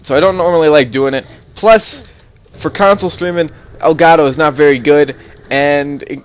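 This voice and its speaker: A man's voice: on the high side, normal speed, clean tone. Rambling young man commentating gameplay. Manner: rambling, easily sidetracked, chuckling often. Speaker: gaming YouTuber.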